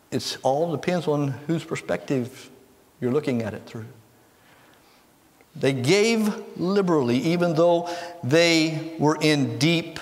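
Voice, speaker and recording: A man with an American Midwestern accent delivers a sermon in a church sanctuary, reading scripture aloud and repeating his main points for emphasis. His voice sits a little high for a man, and a long church reverb trails after each phrase. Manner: preaching from scripture with emphatic repetition. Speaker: preacher.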